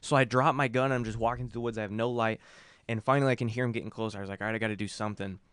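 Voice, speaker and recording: A man's voice: fairly low pitch, fairly even intonation, rapid-fire, fairly bright tone, clear, resonant tone, dry recording. A young man in casual podcast chat, rambling through a long story with lots of cursing and filler words. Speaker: podcast co-host.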